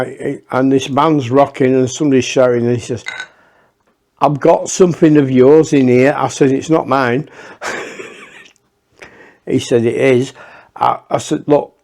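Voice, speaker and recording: A man's voice: mid-range voice, gravelly, darkish tone. A man telling a rambling, profane anecdote in a casual way, with many restarts. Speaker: storyteller.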